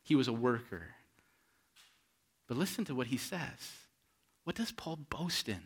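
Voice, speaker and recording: A pastor preaching a sermon, asking rhetorical questions and swinging between hushed and loud, emphatic delivery. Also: male voice, mid-range voice, normal speed.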